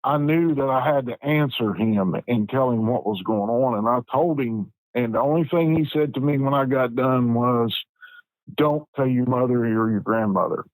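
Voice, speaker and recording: Guy in his 50s, plain spoken storyteller, dry sound, middle pitch. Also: darkish tone, dry recording, poor audio. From West Virginia. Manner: unhurried, plain-spoken storytelling with frequent restarts. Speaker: podcast guest. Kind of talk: personal storytelling.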